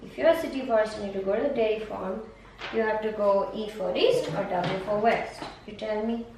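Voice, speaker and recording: A woman with a medium-pitched voice speaks a little fast as she patiently coaxes a student through a one-on-one map lesson, repeating prompts and offering praise. She's heard from far off in an echoey room with faint noise.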